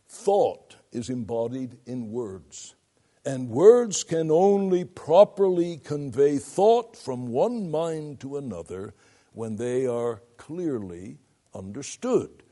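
Older male lecturer, slow measured delivery, animated pitch, reads quotes and spells out words. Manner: reads quotations aloud, spells words out, shifts volume for emphasis. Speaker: preaching lecturer. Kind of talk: classroom lecture on preaching.

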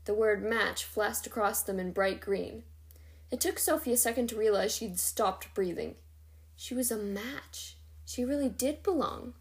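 A woman reading a novel chapter aloud in a steady, even narration. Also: on the high side, a little slow. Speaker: reader.

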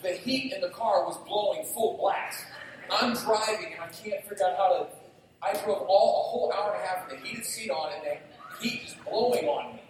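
A middle-aged male pastor preaches in a church, spinning lively stories and poking fun at himself. His voice sits a little high and is picked up from some distance. The sanctuary echoes heavily around him, with a faint hum of noise underneath. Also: moderate pace. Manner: lively storytelling, self-mocking humor. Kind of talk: sermon. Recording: very echoey hall, heard from afar.

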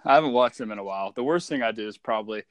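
A man's voice: lowish voice, very fast, smooth, no room sound. A young man co-hosting a casual chat, swearing freely, repeating himself and laughing often.

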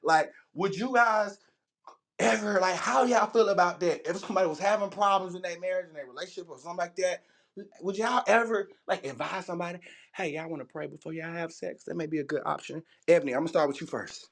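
A man with a high-pitched voice hosts a morning podcast. He talks casually and energetically and laughs often with his guests. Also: quick pace, creaky, a bit bright. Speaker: podcast host.

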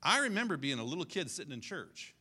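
A man in his sixties preaching a sermon in an animated, conversational way, repeating his key phrases. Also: on the high side, fast talker, slightly rough. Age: 60s. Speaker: pastor.

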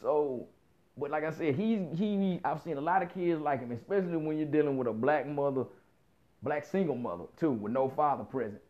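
A man's voice: fairly high pitch, a little fast, darkish tone. Blunt, profane man ranting. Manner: blunt, profane, emphatic with frequent repetition. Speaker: commentator. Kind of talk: casual opinion monologue. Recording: dull lo-fi sound.

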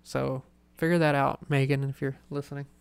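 A young man rambles through a casual podcast story, leaning on filler words. His voice is smooth and clear, and the recording sounds dry and close. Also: medium pitch, flat delivery, moderate pace, dry recording. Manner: rambling, full of "like" fillers and laughter. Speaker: podcast host.

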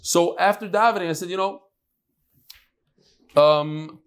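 A man's voice: high voice, a little slow. A man giving a casual daily Talmud class, chatty, with frequent Yiddish and Hebrew terms. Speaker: Talmud teacher.

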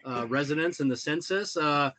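A man's voice: a little high, normal speed, sharp tone. A male podcast host chatting casually, laughing often and stumbling over repeated words as he starts sentences. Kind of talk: casual chat.

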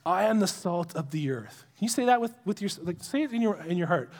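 A man preaches a sermon. His delivery is chatty and earnest, and he often sinks to a hushed near whisper to drive a point home. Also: sits high, lively intonation, brisk. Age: adult with young children. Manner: conversational and earnest, drops to a hush for emphasis. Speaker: pastor.

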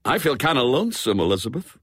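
A man voicing a breezy young man with a brisk, folksy way of talking. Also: medium pitch, sing-song, fairly bright tone, breathy edge, no echo, studio quality.

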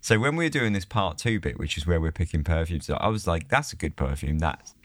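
A man's voice: deep voice, expressive, fairly quick, a little hiss or hum. A man co-hosting a casual podcast, rambling, swearing and laughing a lot. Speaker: podcast co-host. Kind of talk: casual chat.

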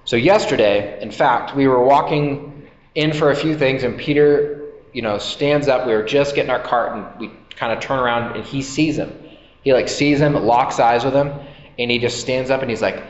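A pastor preaches in a mid-range voice at a slightly fast clip, keeping things loose and conversational and acting out the voices of people in his stories. He is in a church hall, and the recording is echoey and slightly dull, with slight background noise.

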